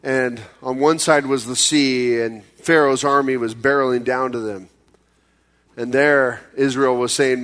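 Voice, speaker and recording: A pastor preaching a sermon in a conversational way, acting out pleas in sudden high bursts and dropping low and slow for serious points. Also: male voice, fairly even intonation, a bit bright.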